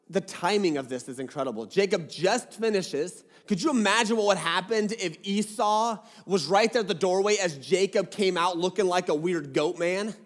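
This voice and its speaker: A high-pitched man preaches in a church hall, his voice trailing off in a long reverb. He reads scripture aloud, then drops into joking, casual asides. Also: normal speed, hardly any pauses. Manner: jokey, casual asides between readings. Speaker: pastor. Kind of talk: sermon reading and explaining scripture.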